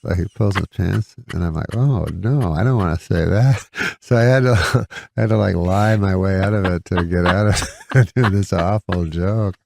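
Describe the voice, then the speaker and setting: A man, a guest comedian, telling rambling anecdotes in a deadpan way in an interview. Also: low voice, moderate pace, gravelly.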